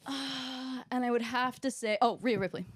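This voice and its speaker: A woman comedian chatting as a podcast guest, excitable and emphatic. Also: high-pitched, normal speed, husky, no echo, studio quality. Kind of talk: casual podcast chat.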